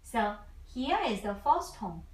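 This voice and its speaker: A woman's voice: fairly high pitch, sing-song, slow pace. A woman teaching a Mandarin lesson patiently, repeating each sound twice in simple English. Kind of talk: slow language lesson. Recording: echoey room.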